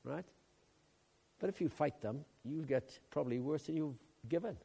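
An older man from Wales preaching a sermon, swinging between loud emphatic outbursts and quiet asides. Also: on the high side, normal speed, gravelly, breathy edge. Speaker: pastor.

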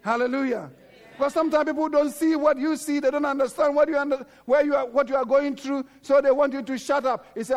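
A male pastor delivers a sermon with a strikingly high voice for a man. He exhorts the congregation fervently, circling back to repeated phrases. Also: steady tone, fast.

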